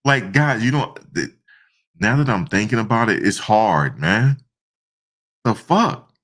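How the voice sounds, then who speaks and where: A man giving casual, slangy reaction commentary, animated and repeating himself, often breaking into laughter. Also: on the low side, unhurried. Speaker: online commentator.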